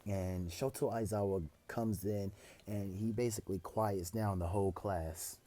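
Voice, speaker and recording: A man's voice: on the low side, fairly even intonation, unhurried, warm tone. A man casually narrating an improvised fan story, rambling and often correcting himself as he goes.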